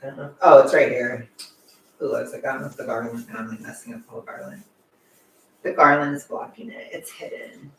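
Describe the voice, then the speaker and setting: A young man chatting casually on a livestream, animated and chatty, sometimes swearing, laughing often, heard from a distance. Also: mid-range voice, fairly quick, creaky. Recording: echoey room, away from the mic.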